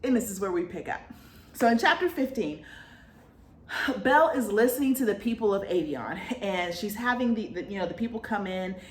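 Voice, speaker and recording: A woman's voice: medium pitch, animated, fairly quick, echoey room. A woman vlogger recapping a book in a chatty, slangy way, full of fillers.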